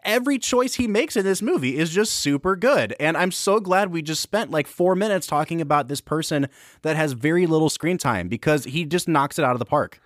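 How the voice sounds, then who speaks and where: A man's voice: a little high, expressive, brisk, a bit bright, dry recording, clean studio sound. Enthusiastic male film podcast co-host. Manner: enthusiastic, analytical. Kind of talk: casual film review chat.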